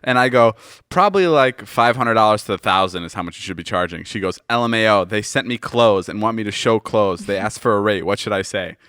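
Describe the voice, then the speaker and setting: A man's voice: lowish voice, fast, hardly any pauses, no echo, clean studio sound. A man hosting a casual podcast, telling stories with lots of swearing and acted-out quotes. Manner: animated storyteller, acts out quoted texts, swears freely. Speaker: podcast host. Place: podcast studio.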